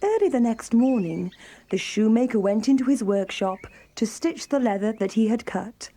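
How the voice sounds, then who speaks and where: A woman reads a children's fairy tale in a calm, even storybook telling. Her voice is a touch high but soft and mellow, with no edge to it. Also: normal speed. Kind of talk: scripted children's story narration.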